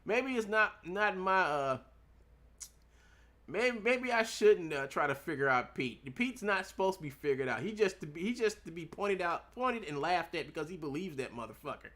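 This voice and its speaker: A man's voice: high-pitched, animated, normal speed. A young man ranting casually from home as a streamer, mocking someone, laughing often and swearing a lot. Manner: mimics others in a loud put-on voice. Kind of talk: casual rant.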